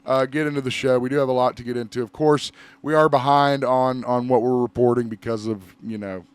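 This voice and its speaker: A man hosting a casual podcast, loose and rambling, with frequent laughs and easy swearing. His voice is clean and smooth, sitting at an ordinary middle pitch. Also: steady tone, brisk, dry recording. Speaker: podcast host. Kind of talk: casual chat.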